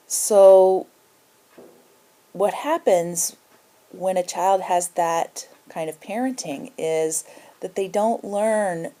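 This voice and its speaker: A middle-aged woman with a low voice gives a self-help lesson. Her tone is mellow and she explains things step by step, now and then acting out example lines. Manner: explanatory, acts out example dialogue. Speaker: emotional health teacher.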